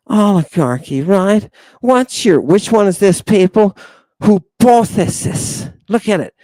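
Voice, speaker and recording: A man's voice: high voice, dark tone, dry recording. A man teaching a Greek class, theatrical and emphatic, stretching key words, often asking the room "right?" and sighing in exasperation. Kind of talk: classroom lecture.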